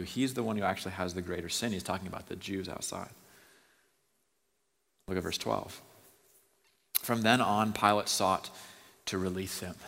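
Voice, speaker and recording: A man preaching a sermon, moving between hushed, near-whispered passages and loud, impassioned stretches as he retells scripture. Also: on the low side, in a large hall. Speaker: pastor.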